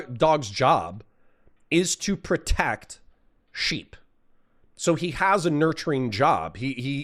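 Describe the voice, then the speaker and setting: A male streamer rants in a loose, profane way at a middling pitch, jumping between ideas. He reads out comments from chat and answers them on the spot. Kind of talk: casual livestream rant.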